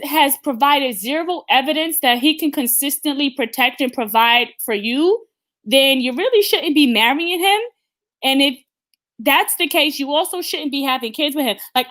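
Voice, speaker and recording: A woman's voice: high voice, fairly bright tone. A woman hosting an opinionated live talk stream, blunt and emphatic, often stammering and restarting her sentences. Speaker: host.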